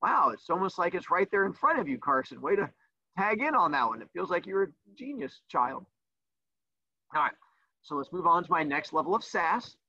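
Male teacher, sassy, teasing, lively pitch, bright voice, dry dull desk-mic sound. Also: moderate pace, slightly rough, dry recording. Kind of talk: livestreamed class lesson.

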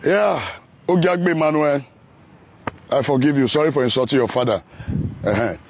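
A man's voice: mid-range voice, moderate pace, breathy edge. A man with a Nigerian accent, vlogging outdoors on a road under construction in casual, teasing, sometimes heated commentary.

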